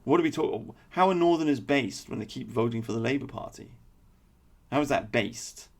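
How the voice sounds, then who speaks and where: A man's voice: medium pitch, animated, brisk, creaky, husky. A man delivering a blunt, opinionated political commentary monologue with sarcastic asides. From England.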